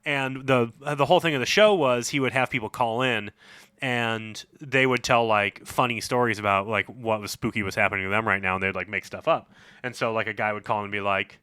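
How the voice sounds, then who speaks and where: A man in his forties co-hosting a board game podcast, rambling through a story with plenty of "like" and "you know". His voice is bright and sits in a middle pitch. The sound is close and dry. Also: fairly even intonation, brisk, smooth, no echo. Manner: rambling storyteller with many fillers. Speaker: podcast co-host. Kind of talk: casual chat.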